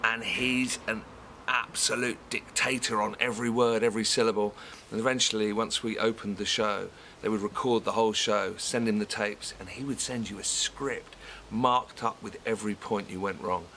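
Musical cast guy telling it briskly, lowish voice, bright and forceful, bit of hiss behind. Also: steady tone. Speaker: musical theatre cast member. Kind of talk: remote interview answer. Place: home during lockdown.

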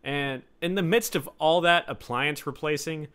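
Young guy doing a solo podcast at home, bright voice, rambling and cussing, mutters then yells. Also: fairly high pitch, normal speed, clear, resonant tone. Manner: rambling, profane, swings between mumbled asides and loud outbursts. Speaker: podcast host. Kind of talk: solo casual podcast rant. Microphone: home podcast mic setup.

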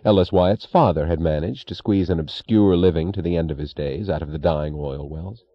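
Deep-voiced man narrating a novel. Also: no room sound, highs cut off. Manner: measured, expressive storytelling. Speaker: audiobook narrator.

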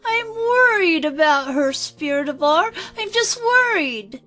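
A woman's voice: very high-pitched, expressive, takes it slowly, pushed and bright, faint music behind, heavily acted. A woman speaking as her inner child, an earnest, anxious five-year-old girl who rambles and apologizes. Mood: worried. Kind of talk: spoken channeling session.

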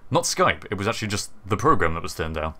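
A British man hosting a casual livestream at his desk, chatty and wry, a little worn out. His voice sits fairly low. He jokes at his own expense between tasks. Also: sing-song, quick pace, pushed and bright. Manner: chatty, self-mocking, tired. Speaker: stream host.

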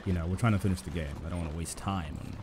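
Low mellow guy streaming a game, jokey rambling chat, a bit of fan hum behind. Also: very fast. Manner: chatty and jokey, talking to himself and to chat. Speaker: gaming streamer. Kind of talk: casual live-stream commentary.

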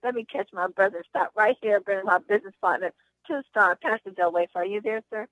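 A woman's voice: medium pitch, a little fast, fairly bright tone, dry recording, poor audio. Woman host on a conference call, chatty anecdotes, upbeat sales pep talk, dry close sound. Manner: chatty storyteller, upbeat encouragement.

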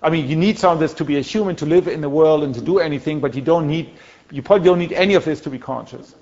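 A man's voice: fairly high pitch, racing, darkish tone, highs cut off. A man giving a university lecture in a conversational way, with many restarts and fillers as he corrects himself. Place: lecture hall.

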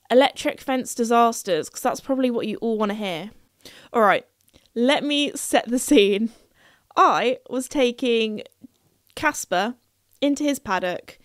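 Young woman, podcast host, higher voice, chatty, playful storyteller. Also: no echo, clean studio sound. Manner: chatty and playful, laughing at her own story.

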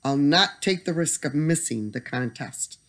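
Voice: mid-range voice, animated, a little slow, a bit bright. A storyteller voicing a scheming, selfish young man in a bedtime storybook reading, with a sneering, greedy manner.

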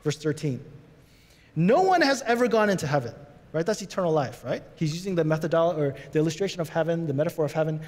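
A man preaching a sermon as pastor, animated, rising to high emphatic peaks. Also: fast talker, in a large hall.

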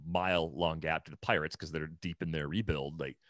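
With a very deep, steady, fairly bright voice and a brisk pace, a man co-hosts a podcast on baseball, recorded in a clean studio with no room sound. He thinks out loud analytically and casually, using many "like"s and restarts.

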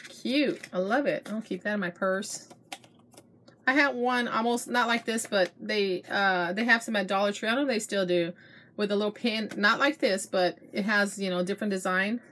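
A woman's voice: medium pitch, fairly bright tone, a little hiss or hum. A middle-aged woman, gushing over her shopping finds to her viewers in casual show-and-tell chat. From Texas. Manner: chatty, gushing, addresses viewers as you guys. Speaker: haul vlogger.

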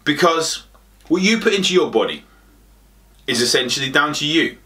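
A man coaching on health, speaking in an emphatic, direct way that drives each point home by repeating it. His voice sits a little higher than most men's. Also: lively intonation, moderate pace, bright, forceful tone. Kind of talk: motivational talk to camera.

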